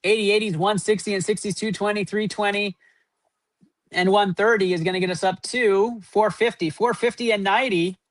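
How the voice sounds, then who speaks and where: On a live card-opening stream, the male host calls out running point totals and gets hyped about each pull, upbeat throughout. His voice sits high, with no room sound in the recording.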